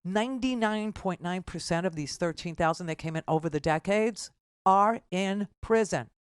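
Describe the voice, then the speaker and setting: A woman's voice: on the low side, normal speed, clean tone, dry recording, studio quality. A middle-aged woman hosting a political talk radio show, combative and exasperated as she argues with callers' claims.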